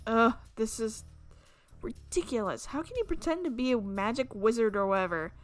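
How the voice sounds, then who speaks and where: A woman's voice: fairly high pitch, animated, normal speed, faint music behind. A young woman, a gaming YouTuber, playfully reading a visual novel aloud and giving each character a voice.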